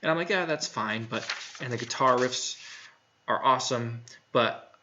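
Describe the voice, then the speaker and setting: A man's voice: mid-range voice, normal speed, pushed and bright, highs cut off, slight background noise. A man talking casually through a music review in a frank, plainspoken way, with lots of fillers and restarts. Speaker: album reviewer.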